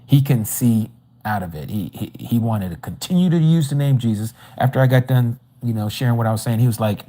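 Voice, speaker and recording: Captured on a livestream microphone, a Bible study teacher with a warm, medium-pitched voice speaks a little fast. He gives his testimony at a religious study, narrating animatedly and performing the dialogue himself.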